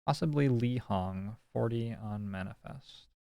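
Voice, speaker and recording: A man's voice: mid-range voice, measured pace, vocal fry, mellow, dry recording, studio quality. A man streaming a puzzle game, thinking aloud in casual, musing commentary. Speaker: gaming streamer. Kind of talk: casual let's-play commentary.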